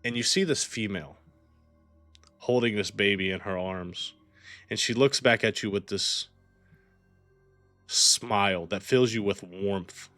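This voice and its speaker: A man's voice: fairly low pitch, a little slow, pauses often, a bit bright, no echo, faint music behind. A man running a tabletop game as game master, narrating casually with lots of "like".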